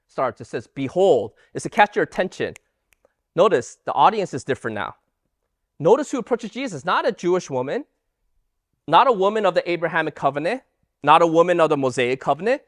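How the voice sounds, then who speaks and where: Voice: mid-range voice, fast talker, dry recording, clean studio sound. A Bible teacher giving an emphatic lesson and firing rhetorical questions at the audience. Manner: animated, emphatic delivery.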